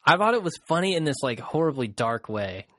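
A man co-hosting a podcast, chatting casually with quick joking asides. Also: on the high side, big pitch swings, fairly bright tone, no echo, studio quality. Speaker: podcast co-host. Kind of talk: casual chat.

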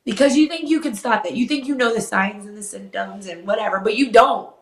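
A young woman candidly recounting a painful relationship as an interview guest, swearing freely and rising in pitch as she gets upset. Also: a little fast. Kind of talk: emotional personal storytelling. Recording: roomy echo.

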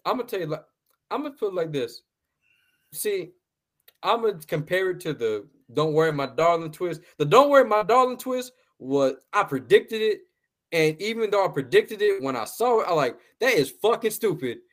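A man's voice: high-pitched, very animated, normal speed, a bit bright. A man hosting a casual movie review podcast, talking bluntly with a lot of swearing, laughing, and repeated words. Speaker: podcast host.

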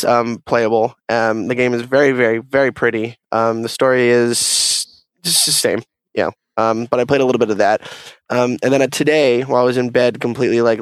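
A man's voice: mid-range voice, smooth, dry recording. Guy rambling on a gaming podcast, lots of ums, dry close mic. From Alaska. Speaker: podcast co-host. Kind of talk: casual gaming podcast chat.

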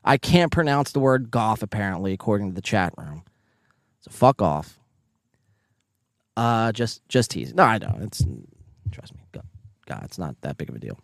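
Foul-mouthed Northeastern podcast host, dry sound. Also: male voice, on the low side, normal speed, gravelly, long pauses, no echo. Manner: profane, joking, animated bursts. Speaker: podcast host reading live chat. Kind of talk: casual livestream chat. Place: home, near neighbors.

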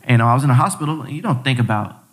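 A man's voice: mid-range voice, lively intonation, racing, husky. A young man, a podcast guest, telling a personal story in a loose, slangy way, repeating himself and acting out what people said. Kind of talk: casual storytelling chat.

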